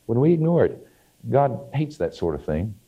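A man's voice: mid-range voice, big pitch swings, normal speed, slightly rough. A man preaching a sermon with emphatic delivery, rising to strong peaks. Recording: dull archival sermon tape.

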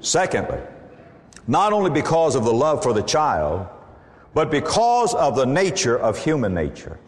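Lively preaching man in a reverberant hall. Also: mid-range voice, moderate pace. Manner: emphatic preaching, quoting scripture. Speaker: pastor. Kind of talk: sermon.

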